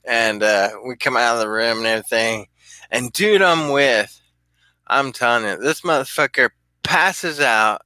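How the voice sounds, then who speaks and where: A man's voice: mid-range voice, bright, forceful tone, no room sound. A middle-aged man telling rambling, profane stories in a casual vlog and laughing often. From California. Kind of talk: casual storytelling.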